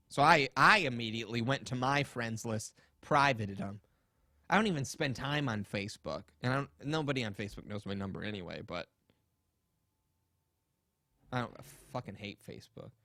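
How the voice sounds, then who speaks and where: A man's voice: mid-range voice, unhurried, long pauses, a bit bright, no room sound, studio quality. A man hosting a podcast, telling a story in casual, rambling chat, swearing and acting out quotes. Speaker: podcast host.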